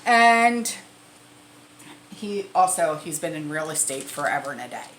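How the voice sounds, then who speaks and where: A woman's voice: deep voice, big pitch swings, unhurried, a bit bright, a little hiss or hum. A middle-aged woman chatting casually to camera as a prepping vlogger, repeating herself and laughing now and then. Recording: echoey room.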